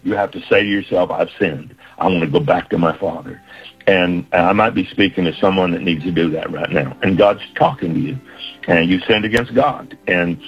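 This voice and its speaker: A man's voice: deep voice, slightly rough. A man preaching a sermon in an earnest, repetitive preaching cadence. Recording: dull lo-fi recording with faint music.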